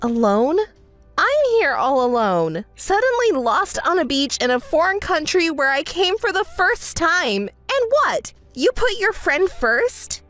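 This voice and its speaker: A woman's voice: high-pitched, sing-song, measured pace, fairly bright tone, no echo, soft background music, pitched above the performer's own voice, heavily acted. A woman voicing a hurt, indignant young bride in a text story, scolding and sarcastic.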